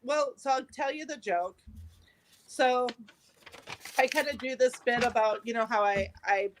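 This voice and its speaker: A woman's voice: a little high, a little slow, a little hiss or hum. A female stand-up comic talking in an upbeat, chatty way and swearing casually as she sets up her joke. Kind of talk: casual comedy workshop chat.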